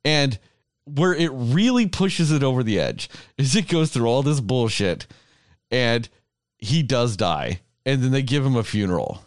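A man's voice: medium pitch, animated, unhurried, dry recording, clean studio sound. A man in a casual chat, ranting emotionally with heavy swearing and laughing between his words.

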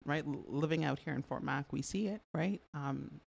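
A middle-aged Canadian woman, a podcast guest, chats in a casual interview, telling stories in a low, husky voice with vocal fry at a moderate pace. She's an animated storyteller who uses lots of fillers and laughs often.

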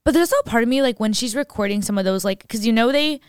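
A young woman in casual podcast chat, talking fast and loose with plenty of "like"s. Her voice is smooth and clean, recorded close and dry with no room sound. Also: fairly high pitch, dry recording. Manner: chatty, lots of "like", animated when retelling scenes. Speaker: podcast co-host.

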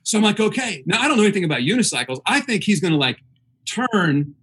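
A man's voice: sits high, quick pace, slight background noise. A man telling a funny story in a casual chat, acting out the voices of others and laughing as he goes. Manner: animated, acts out the voices of others.

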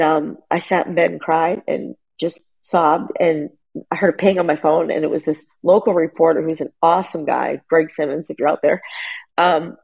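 A middle-aged woman speaks as an interview guest over a remote call, her voice low, gravelly and dark. She tells emotional family stories in an animated way, with many fillers and restarts. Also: poor audio. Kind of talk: personal storytelling in an interview. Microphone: remote call connection.

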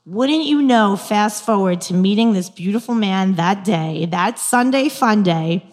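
A woman in her forties with a New York accent, telling a dating story and coaching on manifestation in a lively, frank, laughing way. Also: mid-range voice, unhurried, big-room sound. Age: 40s. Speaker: guest speaker on dating and manifestation. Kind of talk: casual storytelling, coaching talk.

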